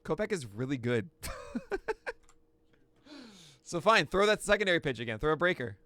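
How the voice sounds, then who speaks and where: A man hosting a pitching analysis, talking through each pitch with excitable outbursts. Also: fast, no echo, studio quality. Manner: excitable, bursts into shouts and laughs. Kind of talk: excited play-by-play pitch breakdown.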